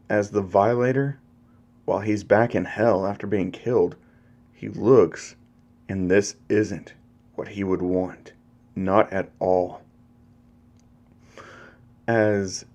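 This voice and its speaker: A young man spins a fan story in a loose, rambling way, swearing here and there. His voice is low and mellow. He takes his time. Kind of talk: casual fan story narration.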